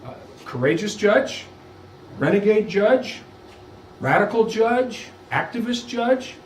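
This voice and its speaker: Animated man lecturing in an echoey room. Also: high voice, slow, a little hiss or hum. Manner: emphatic, rhetorical questions, animated. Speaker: visiting law lecturer. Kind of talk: lunchtime law lecture. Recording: echoey room, far from mic.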